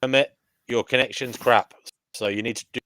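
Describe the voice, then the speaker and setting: Male live-stream host, crisp bright voice, dry sound. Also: medium pitch, steady tone, normal speed, no room sound.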